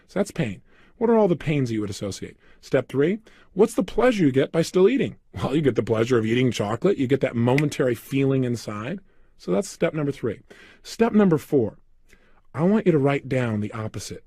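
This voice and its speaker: A man's voice: medium pitch, big pitch swings, a little fast, dark tone, husky, no echo, studio quality. A man coaching listeners through a self-help program, giving emphatic step-by-step instructions. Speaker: motivational coach. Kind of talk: recorded self-help seminar.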